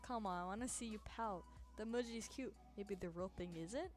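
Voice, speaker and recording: A woman's voice: mid-range voice, brisk, faint music behind. A woman streaming a game, reading her lines in a playful, teasing, giggly way. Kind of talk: casual game playthrough.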